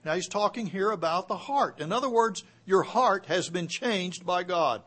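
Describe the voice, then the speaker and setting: Male pastor, high-pitched, emphatic sermon delivery with big dynamic swings. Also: expressive. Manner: emphatic preaching with wide swings in loudness; reads scripture aloud, slows for key phrases.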